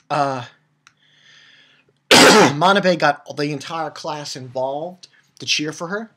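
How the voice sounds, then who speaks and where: A man giving a casual, rambling recap of an anime episode, excitable and quick to swear and laugh. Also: a little high. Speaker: anime reviewer.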